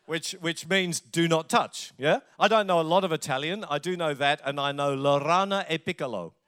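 Man, Australian accent, middle-aged, high pitch, casual storytelling sermon. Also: normal speed, a bit bright, smooth. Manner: chatty, joking storyteller. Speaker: pastor. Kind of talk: conversational sermon.

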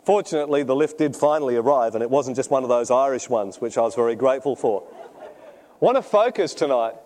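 A man's voice: fairly high pitch, a little mellow. A man preaching a sermon, telling funny stories and often laughing at his own jokes. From Australia. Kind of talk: sermon with humorous anecdotes.

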